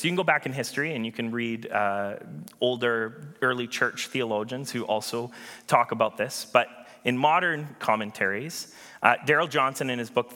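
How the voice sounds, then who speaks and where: A man preaching a sermon as pastor, earnest and emphatic, with dramatic pauses. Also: medium pitch, pushed and bright, big-room sound.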